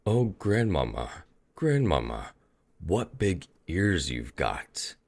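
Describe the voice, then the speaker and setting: A man voicing an innocent little girl, asking slow, drawn-out questions in a storybook reading. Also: deep voice, very animated, gravelly, exaggerated voice. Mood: wondering.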